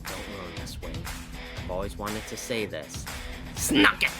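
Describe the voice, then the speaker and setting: A man voicing a loud, goofy, wisecracking male mercenary in a comic reading, with shrill yelling. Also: fairly even intonation, unhurried, loud music behind the voice. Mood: joking.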